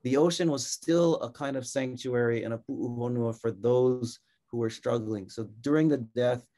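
Man from Hawaii, guest historian, relaxed slide lecture, mid-pitched voice, frequent tag questions. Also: moderate pace. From Hilo, Hawaii. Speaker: guest speaker, surf historian.

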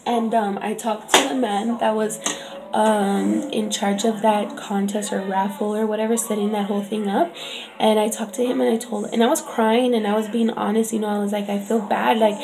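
A woman's voice: medium pitch, level tone, normal speed, crowd noise. A young woman and mother telling a chatty, upset story in a casual vlog, often asking "you know what I mean". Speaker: vlogger and mother.

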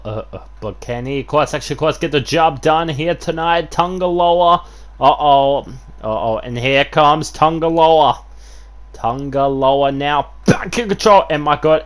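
Guy doing hype wrestling game commentary, kinda high voice, says of course a lot, yells at big moves. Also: measured pace. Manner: excitable, filler-heavy, keeps saying "of course", bursts into shouts at big moves. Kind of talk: play-by-play commentary over a wrestling video game.

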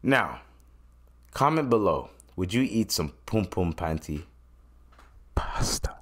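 A man's voice: low voice, very animated, measured pace, a bit bright. A man hosting a solo podcast, talking in a loose, profane, joking way. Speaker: podcast host.

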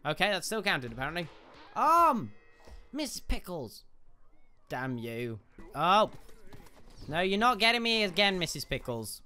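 Excitable man, lively bright voice. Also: a little high, normal speed, smooth. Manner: excitable, exclaiming, laughs often. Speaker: gaming YouTuber. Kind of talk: gameplay commentary.

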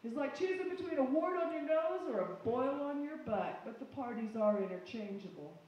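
A woman's voice: sits high, animated, moderate pace, dull audio. Brash Southern woman doing stand-up. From Colorado-based, from the US. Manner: brash, bawdy, folksy punchlines. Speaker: stand-up comic at open mic. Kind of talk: stand-up comedy. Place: small bar open mic night. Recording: echoey bar room, distant mic.

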